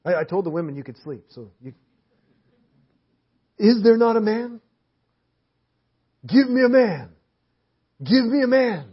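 High husky-voiced man preaching. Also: sing-song, measured pace, pauses often. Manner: emphatic, repetitive preaching cadence. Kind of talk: sermon. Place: church hall. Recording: dull lo-fi sermon audio.

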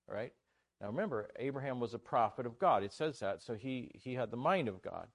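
A man preaching a conference sermon in an animated, conversational way, joking with his listeners. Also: medium pitch, brisk, no echo. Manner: animated, conversational, jokes with the audience.

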